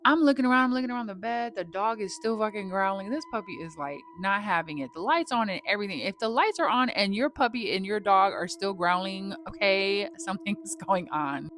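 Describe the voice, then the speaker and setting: A woman's voice: medium pitch, animated, fairly quick, hardly any pauses, fairly bright tone. A woman telling a personal story in a casual, slangy way, swearing freely as she goes.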